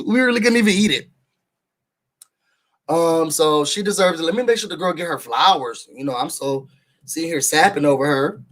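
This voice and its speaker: A man from New York reviewing a reality show for his viewers in casual chat, an animated, slangy storyteller. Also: fairly high pitch, normal speed, pauses often. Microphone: studio microphone.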